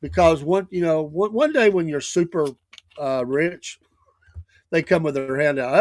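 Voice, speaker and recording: A middle-aged Southern man telling a long story in a casual, rambling way, voice sitting a little high for a man. He stops and restarts his sentences often. The sound is close and dry, with no room around it. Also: unhurried, no echo. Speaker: show host.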